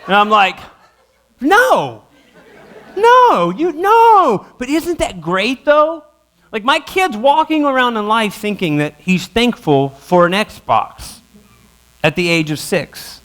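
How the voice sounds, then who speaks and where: Man, 30s, pastor; comic sermon storyteller, lively lilting delivery, high-pitched. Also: clear, resonant tone. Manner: animated, self-mocking, acts out his family in quick voices. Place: church auditorium.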